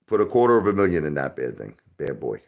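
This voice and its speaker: Deep voiced new guy on a live stream, rambly, jokey, loud one minute then quiet. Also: very animated, fast, gravelly. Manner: loud, joking, rambling, swings into soft somber tones. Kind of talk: casual live-stream chat.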